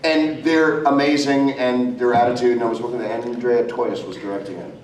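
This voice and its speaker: A man's voice: mid-range voice, a little fast. A man from Australia tells stories eagerly at a convention panel. His voice sits in the middle range. It echoes through a large room from some way off the microphone. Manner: excitable storyteller. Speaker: voice actor panelist. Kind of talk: casual convention panel talk. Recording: echoey hall from far off.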